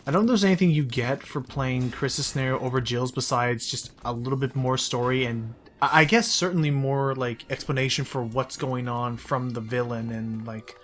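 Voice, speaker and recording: A man's voice: mid-range voice, moderate pace, few pauses, fairly bright tone. A man hosting a casual game commentary, rambling through his points with restarts and asides. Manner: rambling, talks in restarts, says "hear me out". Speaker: commentary host.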